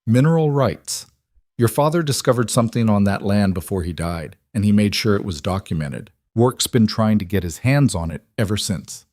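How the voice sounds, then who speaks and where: Guy doing a calm rancher, low and quiet, just matter of fact. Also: moderate pace, dry recording, studio quality, close to an everyday voice. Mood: earnest.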